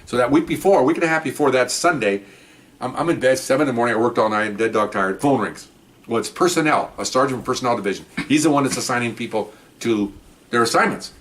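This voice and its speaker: A man, a former police detective, talks at a brisk clip as he tells stories from the job. His delivery is loose and conversational, with lots of restarts. He brings the people in his stories to life by acting out what they said. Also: medium pitch, a little hiss or hum. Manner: rambling anecdotes with restarts; animated retelling of conversations. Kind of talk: casual spoken storytelling.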